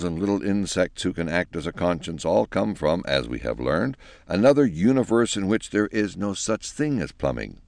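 A man narrating a children's storybook in an expressive, animated reading. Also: sits low, gravelly, no room sound.

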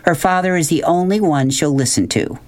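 A man's voice: a little high, fairly quick, a little mellow, voice pushed up, close to an everyday voice. Man putting on a fussy, exasperated mother.

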